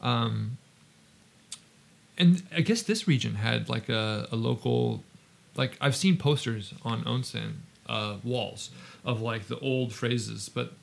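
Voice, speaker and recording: A man's voice: mid-range voice, slow, vocal fry. A man hosting a podcast interview, chatty and teasing, with lots of "like" fillers. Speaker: podcast host. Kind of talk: casual interview chat.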